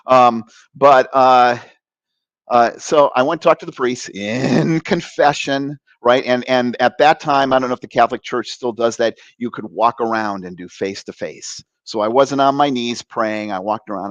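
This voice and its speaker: A man in his fifties, a guest author and coach, telling a personal story with lively acted-out voices and sound effects. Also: mid-range voice, no echo. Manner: animated, acts out voices with bursts of sound effects; frequent fillers and restarts, laughs while telling.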